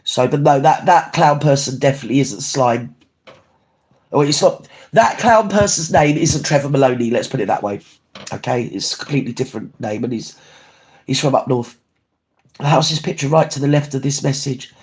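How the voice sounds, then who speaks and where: A man's voice: lively intonation, moderate pace, a little mellow. A man chatting casually on a livestream, rambling and swearing as he reads out viewer comments. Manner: rambling, swears, swings pitch up and down often. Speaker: livestream host.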